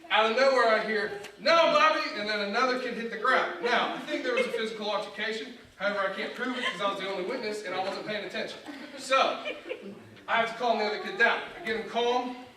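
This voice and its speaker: Man, high voice, bright tone, self-mocking stand-up storyteller, echoey church hall, distant mic. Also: fairly even intonation, fast talker. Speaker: guest comedian. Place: church sanctuary.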